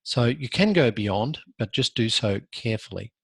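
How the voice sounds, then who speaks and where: A male law lecturer with an Australian accent giving earnest, measured advice in a recorded university lecture, pausing now and then on fillers. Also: medium pitch, lively intonation, gravelly, fairly bright tone, slightly rough, dry recording.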